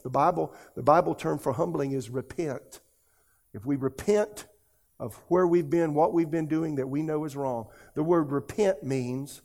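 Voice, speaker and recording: A man's voice: mid-range voice, darkish tone. A man, preaching a sermon as a pastor and pleading earnestly with his listeners in an emotional altar call.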